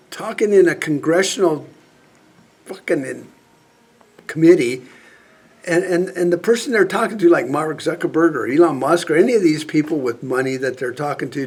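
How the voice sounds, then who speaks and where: A man's voice: fairly high pitch, husky. A man vlogging a profane political rant, angry and sarcastic, swearing constantly. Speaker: prepper vlogger.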